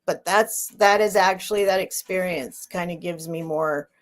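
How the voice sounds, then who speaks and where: A middle-aged woman hosts a live sale stream, her voice on the low side and her speed normal. She chats casually and rambles, restarting sentences and trailing off while reading and answering viewers' comments.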